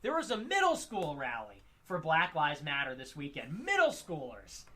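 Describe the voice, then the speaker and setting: A man rambling through a monologue, halting with fillers and restarts. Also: on the high side, huge pitch swings, pushed and bright. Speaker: livestream commentator.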